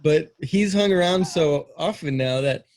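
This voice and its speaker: Joking man with a higher voice. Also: measured pace, darkish tone. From Texas. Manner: crude, joking, teasing. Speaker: podcast host. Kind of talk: casual chat.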